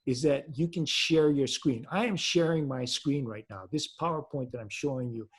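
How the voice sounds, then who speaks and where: Husky-voiced man presenting a webinar. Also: mid-range voice. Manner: earnest and unhurried, with frequent hesitations. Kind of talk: explanatory webinar talk.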